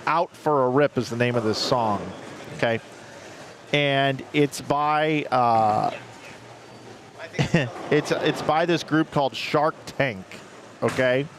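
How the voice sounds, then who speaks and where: A man's voice: medium pitch, slow, long pauses, noisy background. A man commentating a live bowling stream, rambling through chatty stories between play calls.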